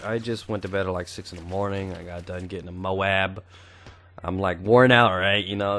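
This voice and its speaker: A man's voice: sits low, fairly bright tone. A young man in his twenties talking casually over gameplay, chatty and crude, swearing freely. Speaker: gaming YouTuber.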